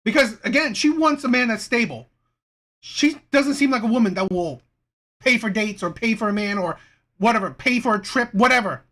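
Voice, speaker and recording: Indignant woman ranting with lively pitch. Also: normal speed. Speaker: commentary channel host. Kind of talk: reaction commentary.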